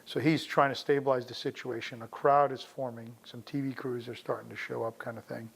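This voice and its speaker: A middle-aged veterinarian from the New York area tells a personal story in a relaxed, conversational way. He acts out the lines of the people in it as he goes. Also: medium pitch, brisk, creaky, breathy edge, low-quality recording. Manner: conversational, acts out quoted dialogue in the telling.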